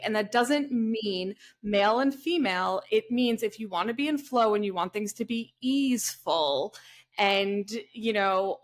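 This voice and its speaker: A woman's voice: mid-range voice, a bit bright. A woman co-hosting a podcast in casual spiritual chat, candid and rambling, who gets heated and swears when frustrated. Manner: talks in loose, rambling runs with many fillers. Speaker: podcast co-host.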